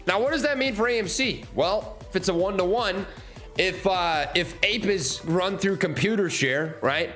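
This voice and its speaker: A man's voice: high-pitched, normal speed, a bit bright. A man hosting a live stock trading stream, talking casually through charts with repeats and fillers, faint music behind. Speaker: livestream stock trading host.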